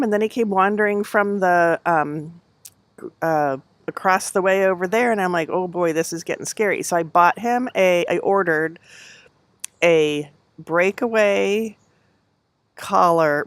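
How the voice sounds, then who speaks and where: Chatty middle-aged woman livestreaming from home, headset mic, kinda low voice, dry close sound, lots of ums. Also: no room sound. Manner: rambling, chatty, fillers, laughs often. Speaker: knitting livestream host. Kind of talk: casual chat.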